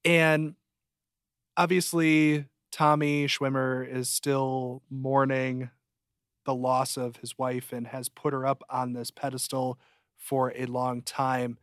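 A male podcast co-host in casual, joking chat, recorded close and dry with no room sound. His voice is mid-pitched and springs upward when he gets excited. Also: slow pace, clean tone, no room sound. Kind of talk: casual chat reviewing a TV show.

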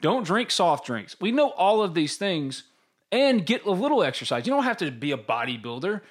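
Guy in his 30s co-hosting a podcast, kinda high voice, really lively up and down, candid storytelling. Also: normal speed. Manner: candid, animated storytelling with quoted inner voices. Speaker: podcast co-host. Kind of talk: casual sports podcast chat.

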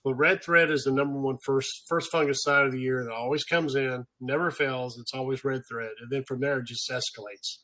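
A man's voice: medium pitch, fairly quick, hardly any pauses. An older man, a guest on a podcast, telling stories in casual chat and acting out the people he quotes. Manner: animated storyteller, acts out quotes. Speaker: podcast guest, pro turf manager.

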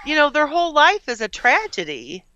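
A woman chatting casually over a call, talking in a halting, chatty way. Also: sits high, wildly swooping pitch, sharp tone, no room sound, dull audio. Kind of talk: casual chat.

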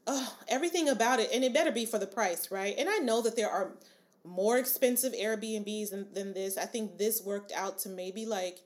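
A woman's voice: medium pitch, normal speed. A young adult woman hosting a solo podcast, chatting casually and rambling with asides to her listeners. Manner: frequent fillers and restarts, laughs often. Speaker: podcast host.

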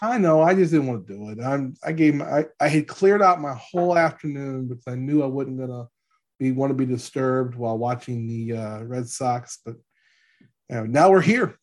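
A man's voice: medium pitch, animated, normal speed, darkish tone. Eager man talking sports. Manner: enthusiastic, stammering restarts. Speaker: podcast co-host, coach. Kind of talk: casual sports chat.

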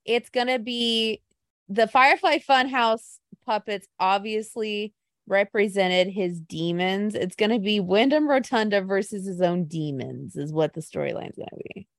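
A woman co-hosting a casual podcast chat, telling stories in an animated, gushing way. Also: mid-range voice, a little slow, no room sound, studio quality.

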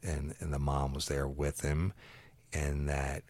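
A man with a drawl and an extremely deep, low voice tells a case story in a flat, even tone. He talks plainly and earnestly, like a former investigator going through an old file. The recording is close and dry. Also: slow pace, no echo. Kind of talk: casual true-crime storytelling.

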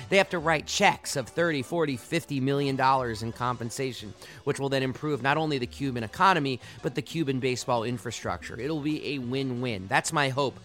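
A man's voice: medium pitch, fairly bright tone. A man hosting a sports podcast, delivering impassioned, argumentative solo commentary.

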